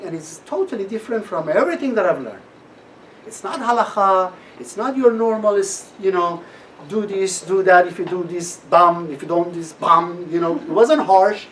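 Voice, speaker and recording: Man telling a lively story. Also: high voice. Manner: animated storytelling, acting out quoted voices. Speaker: guest speaker at a class. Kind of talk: personal testimony talk. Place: classroom. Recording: distant mic with faint room noise.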